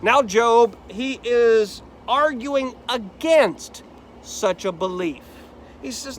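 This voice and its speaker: A man's voice: extremely high pitch, lively intonation, slow, slight background noise. A man teaching a Bible study lesson who explains the text and reads it dramatically.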